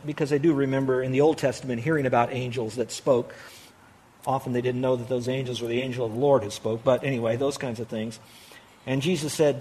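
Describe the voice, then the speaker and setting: A middle-aged man preaching a sermon, emphatic, swinging between loud declarations and hushed asides. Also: medium pitch, fairly quick, slightly rough. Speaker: pastor.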